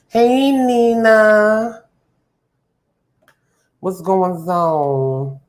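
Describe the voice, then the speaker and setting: A woman hosting a live podcast, chatting casually and a little out of breath, with loose slang and animated storytelling. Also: on the low side, very slow, long pauses. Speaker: podcast host. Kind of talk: casual chat.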